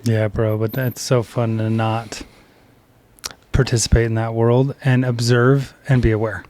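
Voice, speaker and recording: A male podcast host talking in loose, rambling casual chat. He leans on fillers as he works his way through a thought, at a mid-range pitch. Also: little pitch movement, unhurried, darkish tone.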